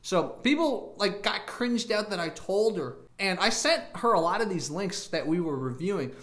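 A man talks straight to his camera in a loose, rambling rant, and his pitch swings widely as he chases one tangent after another. He laughs at his own jokes and throws in crude asides. His voice bounces around a roomy, echoey space. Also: animated, moderate pace, a bit bright. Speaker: YouTube channel host.

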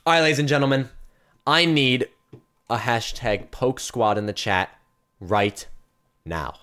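A young man streaming a video game and unboxing cases, excitable, swinging from hushed mumbling to loud yelps and repeating phrases in rapid strings. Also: medium pitch, clean tone. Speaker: gaming streamer. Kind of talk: live-stream case unboxing commentary.

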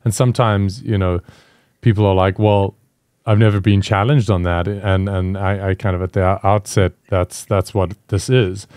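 Low-voiced podcast host, dry sound. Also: male voice, fairly even intonation, darkish tone, no echo. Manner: thoughtful, halting, with fillers. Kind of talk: podcast interview.

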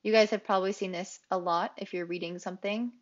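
Woman, English teacher, grammar lesson, clear explanatory delivery, mid pitch, slightly dull lo-fi sound. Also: steady tone, fast talker. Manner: clear, explanatory, repeats key phrases for emphasis.

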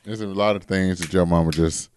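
A man's voice: low voice, steady tone, brisk, darkish tone, slight background noise. A man co-hosting a casual podcast chat, blunt and joking. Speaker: podcast co-host.

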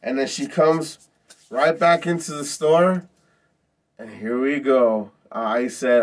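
A man's voice: mid-range voice, steady tone, slow pace, recorded from a distance. A man vlogger telling a story in a casual, profane, rambling way, repeating himself often. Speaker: vlog host.

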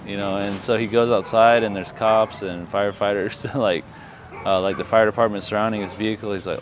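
A man telling a funny story about a friend, animated and laughing as he acts out quotes. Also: fairly low pitch, moderate pace, noisy background. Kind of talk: anecdotal storytelling.

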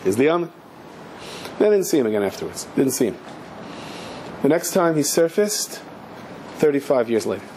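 A rabbi telling a story in a sermon, lively, moving between narration and acting out the characters. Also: male voice, medium pitch, moderate pace, pauses often, a little hiss or hum. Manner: animated, acts out the characters in a story.

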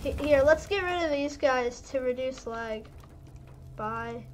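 A woman's voice: high voice, measured pace, a little hiss or hum. A woman narrating gameplay in a rambling casual way, restarting sentences and dropping in pirate "yar" fillers. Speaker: gaming video narrator.

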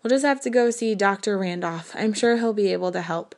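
A woman reading the part of a practical, firm father in an audiobook, without deepening her voice. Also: fairly quick, darkish tone, natural voice. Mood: decisive. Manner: firm and decisive. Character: practical, bickering father of a teenage girl.

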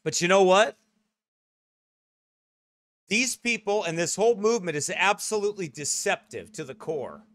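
A man's voice: high-pitched, lively intonation, moderate pace, long pauses, no echo. A male pastor preaching a fiery, mocking sermon. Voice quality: loud, mocking, emphatic.

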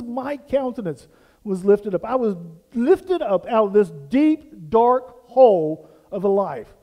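A man's voice: very high voice, animated, measured pace, darkish tone, long reverb tail. A man preaching a sermon as pastor, building emphasis through repeated questions and phrases. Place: church sanctuary.

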